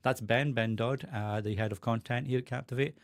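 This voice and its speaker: A man's voice: medium pitch, steady tone, a little fast, creaky, dry recording. Male live stream host, chatty, rambling, lots of ums, dry mic. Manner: chatty, loose, many fillers and restarts. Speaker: live stream host, podcast support lead. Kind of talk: casual live stream chat, greeting viewers.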